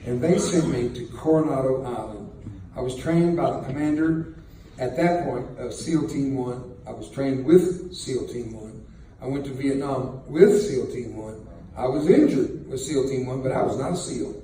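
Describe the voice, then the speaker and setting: A man's voice: mid-range voice, normal speed, dark tone. An older man telling a war story to an audience in a folksy, joking way, chuckling as he talks. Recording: very echoey room, distant mic, faint noise.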